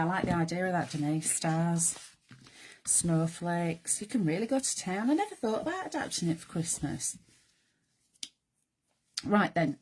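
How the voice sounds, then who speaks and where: A middle-aged woman hosting a live craft demonstration, chatty and self-deprecating, thinking aloud as she works, her voice going croaky. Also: fairly low pitch, a little mellow. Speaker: craft show host.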